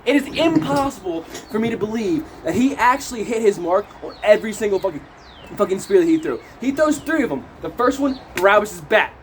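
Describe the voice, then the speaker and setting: A young man recapping a movie in a casual vlog, animated and profane, acting out scenes as he talks outdoors in cold wet weather. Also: high voice, fairly quick, a little hiss or hum. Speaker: movie reviewer.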